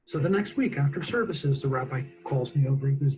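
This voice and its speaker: A man co-hosting a comedy talk show on a video call, speaking deliberately and telling an old joke. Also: mid-range voice, lively intonation, low-quality recording. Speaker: co-host. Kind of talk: casual chat on a video call.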